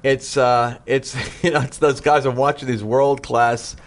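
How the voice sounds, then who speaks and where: A man from the Northeastern US, a guest speaker on a talk show, telling energetic stories and acting out the people he quotes. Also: medium pitch, measured pace. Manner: energetic storyteller, acts out quotes, frequent restarts. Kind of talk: animated conversational teaching.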